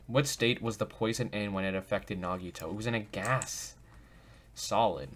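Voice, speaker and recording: Bright, goofy young gamer guy. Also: fairly low pitch, moderate pace. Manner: goofy, self-mocking, talks to himself. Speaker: gaming video host. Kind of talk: let's play commentary.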